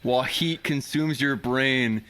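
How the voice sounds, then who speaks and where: Guy spinning a bit real slow, bright voice, faint background hum. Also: medium pitch, clean tone. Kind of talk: crude joking banter.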